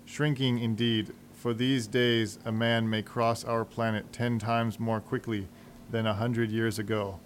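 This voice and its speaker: A man giving scripted storybook narration in a measured, wry manner. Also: medium pitch, level tone, a little hiss or hum.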